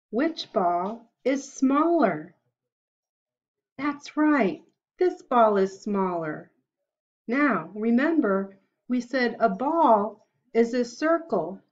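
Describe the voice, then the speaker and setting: A woman leads an online preschool lesson in a slightly high voice. She speaks very slowly and cheerfully, with sing-song praise for young children. The home recording sounds dull and lo-fi. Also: darkish tone. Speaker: preschool teacher.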